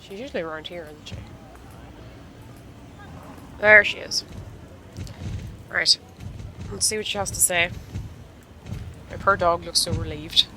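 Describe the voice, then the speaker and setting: A woman's voice: lowish voice, unhurried, long pauses, pushed and bright, a little hiss or hum. A woman hosting a gaming channel, giving casual gameplay commentary and joking and exclaiming at the screen.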